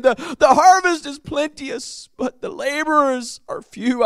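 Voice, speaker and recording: A man preaching a sermon in a high, smooth, resonant voice. He drags out key words and repeats himself as the passion builds. The sound is close and dry. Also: dry recording. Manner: impassioned preaching, drawn-out emphatic phrases, repeats words. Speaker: pastor. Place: church sanctuary.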